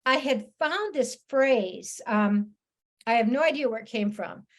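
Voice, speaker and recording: Animated woman telling a story. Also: a little high, a little slow. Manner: animated, laughs often, many restarts. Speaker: author and psychotherapist, guest speaker. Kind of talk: casual storytelling talk. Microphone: laptop video call.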